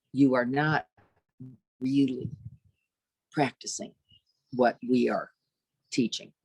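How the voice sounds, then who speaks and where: A woman meditation teacher giving a dharma talk, lively and searching, tossing rhetorical questions to her listeners and acting out inner voices. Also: a bass voice, breathy edge, no room sound.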